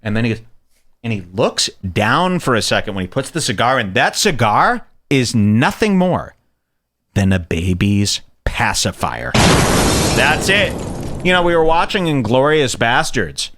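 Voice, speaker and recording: A man's voice: mid-range voice, unhurried, background noise. A man hosting a comedic commentary on a video, ranting and swearing as he mocks what he watches. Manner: profane, ranting, animated. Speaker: host.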